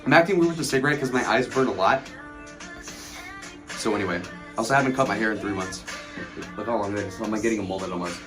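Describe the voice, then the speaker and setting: With music playing, this twenty-something man speaks fast in a fairly low voice, pausing often. It's a late-night livestream where he rambles through profane, mocking stories and reads out and replies to chat.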